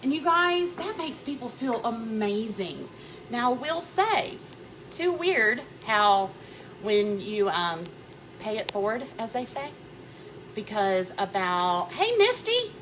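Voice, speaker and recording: A woman's voice: fairly high pitch, very animated, takes it slowly, fairly bright tone. A woman, chatting casually with viewers while she cooks, telling stories and greeting people by name. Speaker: cooking vlogger. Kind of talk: casual live-stream chat while cooking. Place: home kitchen. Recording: noisy background.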